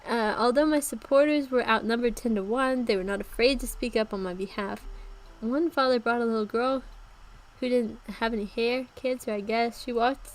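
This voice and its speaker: A woman's voice: fairly high pitch, normal speed, low-quality recording. A young woman in her early twenties reading her old novel aloud on a stream, laughing at her own writing.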